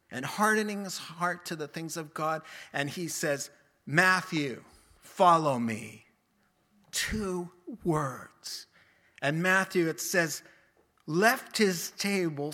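A man preaching a sermon, expressive, acting out the voices he quotes. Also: high-pitched. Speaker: pastor.

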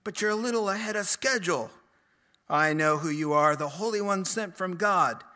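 A man voicing a demon that shouts defiant, taunting challenges through a possessed man. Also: sits high, moderate pace.

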